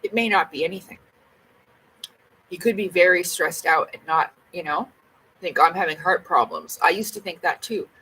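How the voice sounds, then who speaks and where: A woman's voice: lowish voice, normal speed, bright, forceful tone, low-quality recording. A woman talks casually to her camera from home. She is blunt and rambling, and swears freely as she goes. There is a faint hum of ambient noise behind her. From Canada. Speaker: vlogger.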